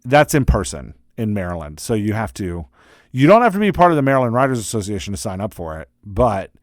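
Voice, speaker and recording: A man's voice: medium pitch, dry recording. A middle-aged man hosts a casual solo podcast, drifting loosely between updates and poking fun at himself. He talks into a close microphone in a dry, dead room. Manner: rambling and self-deprecating, with many fillers and restarts. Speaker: podcast host and writing coach. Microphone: close studio microphone.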